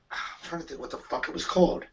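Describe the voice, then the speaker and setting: A man's voice: on the high side, creaky, dull audio. A man from the United States, a guest in a casual chat, loose, chatty and profane.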